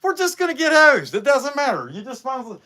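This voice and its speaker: A man's voice: very high-pitched, sing-song, fast, rough recording. A man hosting a livestream while chainsaw carving, chatting casually in a rambling, folksy, grumbling way. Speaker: chainsaw carver and livestream host. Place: outdoor carving workshop. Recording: loud outdoor noise behind.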